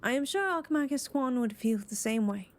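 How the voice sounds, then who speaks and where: Woman voicing an earnest young female assistant, loyal, eager, high-pitched, game voice-over. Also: animated, brisk.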